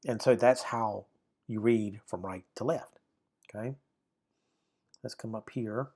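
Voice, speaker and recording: A man teaching a recorded grammar lesson, sounding out syllables slowly and often checking "right? okay?". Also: medium pitch, a little mellow. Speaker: Bible Hebrew teacher.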